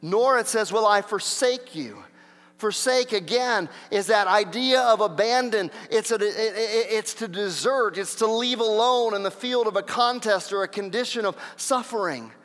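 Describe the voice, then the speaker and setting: High-voiced preaching man in a reverberant hall. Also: moderate pace, few pauses, a bit bright. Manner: preaching with rising intensity and emphatic repetition. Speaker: pastor. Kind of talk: sermon.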